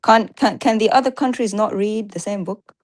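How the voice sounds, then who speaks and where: A woman co-hosting a live-streamed talk show, arguing emphatically in casual chat with rapid-fire rhetorical questions. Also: medium pitch, no room sound.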